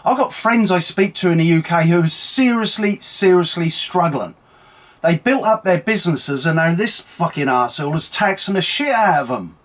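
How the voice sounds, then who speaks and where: A man's voice: fairly high pitch, expressive, normal speed, fairly bright tone. A man hosting an angry, sweary political rant, mocking and heated. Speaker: online commentary host.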